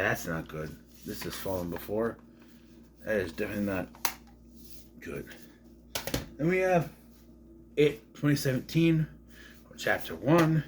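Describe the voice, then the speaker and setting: A man's voice: mid-range voice, slight background noise. A man casually showing off his film collection on camera, rambling, joking and swearing now and then. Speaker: collection vlogger. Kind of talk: casual show-and-tell chat.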